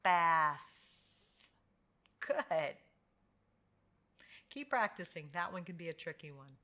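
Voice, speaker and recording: An American woman teaching English pronunciation, drawing out sounds slowly and praising each try. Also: on the low side, expressive, sharp tone. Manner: slow, patient, drawn-out sounds for repetition; encouraging praise after each drill. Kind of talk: slow phonics lesson.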